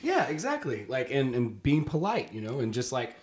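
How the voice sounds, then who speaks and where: A man's voice: mid-range voice, huge pitch swings, moderate pace. A man hosting a podcast, who chats casually and offers encouraging reflections to his guest. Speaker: podcast host. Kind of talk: casual interview chat.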